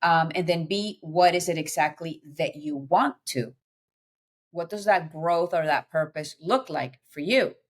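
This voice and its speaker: A middle-aged woman, a podcast guest, telling her personal story in an earnest, animated way with many fillers. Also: fairly low pitch, a little slow.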